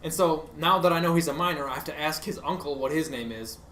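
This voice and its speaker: Rambling young man, slightly high voice. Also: quick pace, fairly bright tone. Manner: rambling, filler-heavy, laughs through his own story. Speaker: podcast co-host. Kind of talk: casual storytelling. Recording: echoey room with faint hiss.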